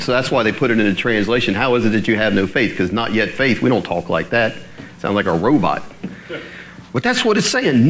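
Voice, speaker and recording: A man's voice: on the high side, slight background noise. A man, a pastor, preaching a sermon and voicing the disciples' thoughts aloud.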